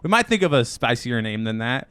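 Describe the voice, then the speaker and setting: Smooth-voiced laid-back podcast man. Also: medium pitch, big pitch swings, brisk, fairly bright tone, no echo. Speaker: podcast co-host. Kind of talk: casual comedic chat.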